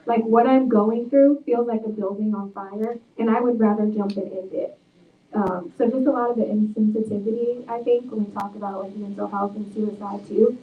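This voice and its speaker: A woman's voice: mid-range voice, fairly even intonation, normal speed. A woman author speaking at a book talk, telling stories earnestly and reflectively. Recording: tinny, echoey, far from mic.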